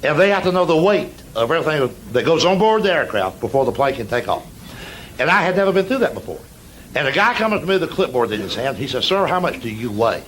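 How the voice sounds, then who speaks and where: This live stand-up set features a middle-aged American man with a fairly high voice that swings widely in pitch as he talks fast, delivering folksy stories in a punchy drawl. Laughter and noise from the crowd fill the poor-quality audio.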